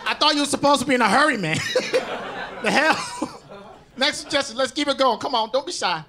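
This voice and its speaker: A man from Nigeria doing improvised stand-up on a club stage, riffing on crowd shouts with mock anger. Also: extremely high pitch, brisk, noisy background. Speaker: stand-up comedian. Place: comedy club stage with live audience. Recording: crowd laughter loud behind.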